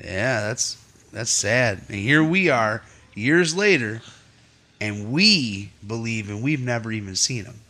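A man with a bright, forceful voice reads scripture aloud to his family at home. His reading is steady, broken by easygoing asides to everyone listening. He sits in the middle range for pitch. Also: takes it slowly. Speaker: father leading a family Bible study.

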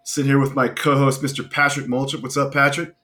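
A man hosting a podcast in casual chat, an energetic, profane storyteller with a brotherly tone. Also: medium pitch, quick pace. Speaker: podcast host.

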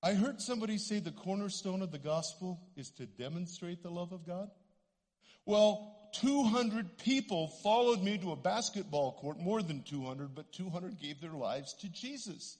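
Canadian guy preaching in a church, kinda high voice, big echoey sanctuary. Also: moderate pace. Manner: animated storytelling, acts out voices. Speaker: guest preacher. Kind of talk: sermon with stories. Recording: long church hall reverb.

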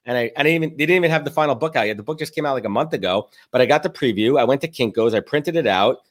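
A man hosting a podcast, telling rambling, animated stories with many restarts in casual talk. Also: medium pitch, very fast. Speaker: podcast host.

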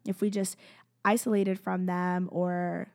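Gravelly-voiced chatty young woman. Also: on the low side, flat delivery, a little slow, darkish tone. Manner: chatty, earnest, fills speech with "like". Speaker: faith vlogger. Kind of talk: casual personal testimony to camera.

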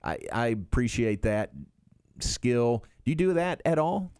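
Smooth-voiced easygoing radio host man. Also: mid-range voice, expressive, darkish tone, no echo, studio quality. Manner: easygoing, laughs often, quick affirmations. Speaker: radio sports show host. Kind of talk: casual on-air chat.

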